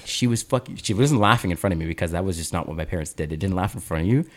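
Lower-voiced man telling a story with lots of swearing. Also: racing. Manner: animated storyteller who swears freely. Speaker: podcast co-host. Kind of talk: casual podcast chat, telling a childhood story.

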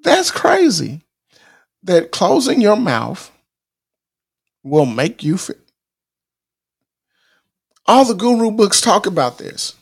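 A middle-aged man talks through life advice at an unhurried, drawn-out pace. His voice has a gravelly, fry-laden edge and sits a little higher than most men's. He sounds earnest and a bit preachy, circling back over his points and restarting phrases as he goes. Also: huge pitch swings. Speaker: podcast host. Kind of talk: casual motivational talk.

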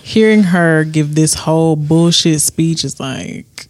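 A woman's voice: deep voice, slow pace, darkish tone, no echo. A woman co-hosting a podcast, chatting in an exasperated, sarcastic, profane way. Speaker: podcast co-host. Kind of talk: casual comedic chat.

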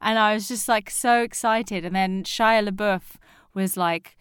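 A young woman in casual chat, telling a story with animated acted-out quotes. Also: mid-range voice, measured pace, clear, resonant tone, dry recording, clean studio sound.

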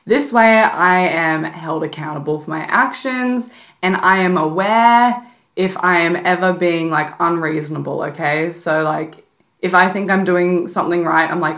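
A woman's voice: on the low side, steady tone, normal speed, a bit bright. A young woman hosting a casual advice podcast, talking bluntly and playfully, with plenty of swearing and sass. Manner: blunt, sassy, profane, playful. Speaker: podcast host.

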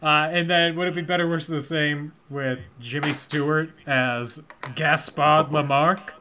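Slow, bright-voiced man hosting a podcast. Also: a little high, steady tone, a little hiss or hum. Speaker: podcast host. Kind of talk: casual film chat.

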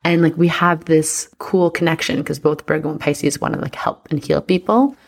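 A woman's voice: low-pitched, fairly even intonation, moderate pace, gravelly. A woman chatting casually and playfully with many fillers as an astrologer reading her business partner's chart. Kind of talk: casual chat.

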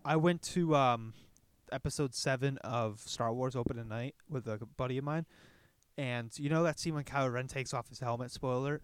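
A man's voice: medium pitch, normal speed, clear, resonant tone, no echo. A man chatting on a podcast as a regular, boastful and crude in his banter. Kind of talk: casual chat.

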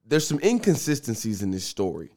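A male podcast host with a lively, bouncing voice that swings up and down as he jokes around. He talks loud and casual, swears freely and breaks into laughs often. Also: medium pitch, fairly quick.

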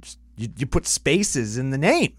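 A man co-hosting a podcast with dry, crude humor. His pitch is mid-range but moves a lot, and the recording is close and dry. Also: big pitch swings, unhurried, no room sound. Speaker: podcast co-host. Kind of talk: casual chat.

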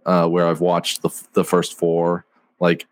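A man talking casually as a guest, halting and searching for words with ums and uhs. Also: low voice, monotone, no room sound, clean studio sound. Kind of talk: casual chat.

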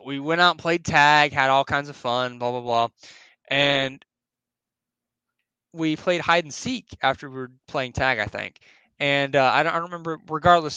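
A man's voice: mid-range voice, pushed and bright, clean tone, no echo, highs cut off. A young man casually telling a spooky personal story, rambling and slangy, cursing and acting out other people's lines. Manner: rambling, slangy, profane, acts out voices. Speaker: podcast host.

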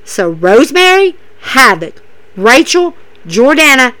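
A woman hosting a casual wrestling recap, gushing and excitable, talking straight to her listeners. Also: sits high, unhurried.

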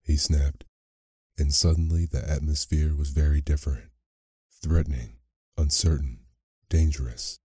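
Very deep, husky man reading a sleep story. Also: fairly even intonation, no echo, studio quality. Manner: slow, soft and measured. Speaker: narrator. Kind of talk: bedtime sleep story narration.

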